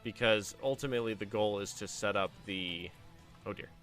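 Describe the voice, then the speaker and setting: A man streaming a game, telling family stories in a casual, lively way and acting out the voices of the people in them. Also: on the low side, moderate pace, faint music behind. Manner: animated anecdote telling with acted-out quotes. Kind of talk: casual storytelling while playing a game.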